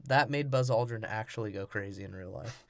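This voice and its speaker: A man's voice: lowish voice, a little fast, creaky, no room sound, studio quality. A man co-hosting a podcast, riffing crudely on a movie, laughing and acting out the characters. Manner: profane, laughing, acts out characters. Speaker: podcast co-host. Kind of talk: crude comedic movie breakdown.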